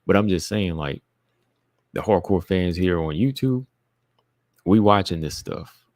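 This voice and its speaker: A man's voice: deep voice, lively intonation, measured pace, darkish tone, no room sound, clean studio sound. A man hosting a live talk stream, chatting casually and emphatically to his viewers, repeating phrases and calling out to the chat. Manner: informal, uses "y'all" and "be listening". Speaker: podcast host.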